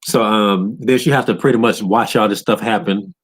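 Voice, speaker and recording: A man rants through a video game story in a low, loose voice. He swears freely and breaks into high, excited voices when quoting characters. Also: normal speed, breathy edge. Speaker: gaming commentator. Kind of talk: casual rant recapping a video game.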